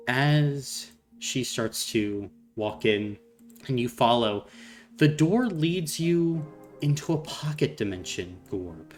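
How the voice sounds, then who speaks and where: A man narrating as game master, describing the scene at a slow and unhurried pace. His pitch moves a lot, and faint music plays underneath.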